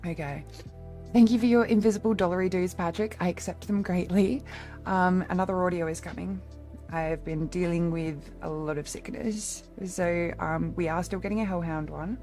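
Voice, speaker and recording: A woman's voice: lowish voice, fairly even intonation, normal speed, warm tone, faint music behind. A young woman streamer in a casual live-stream chat, rambling along and thanking her viewers by name.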